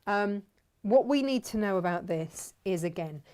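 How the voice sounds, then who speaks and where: A woman's voice: medium pitch, lively intonation, moderate pace, darkish tone, clear, resonant tone. A woman hosting a fabric workshop, talking in a chatty, enthusiastic, rambling way. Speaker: fabric shop host. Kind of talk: casual workshop chat.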